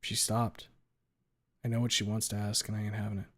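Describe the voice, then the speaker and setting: A man streaming himself reading a fan fiction aloud in an emotional first-person style, rushing some passages and stretching others out. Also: lowish voice, monotone. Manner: emotional, pace swinging between rushed and drawn out.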